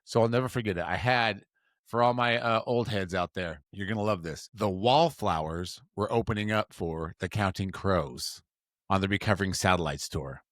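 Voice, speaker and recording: A man in his forties from Utah, a podcast co-host telling a story in a casual, self-mocking way and jumping to higher voices for quotes. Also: normal speed, fairly bright tone, no echo, studio quality.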